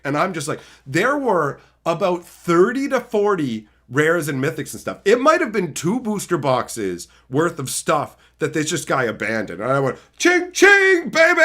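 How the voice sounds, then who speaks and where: A man telling a story in a casual vlog, animated and profane, often exclaiming and cursing. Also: on the high side. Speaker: card game streamer.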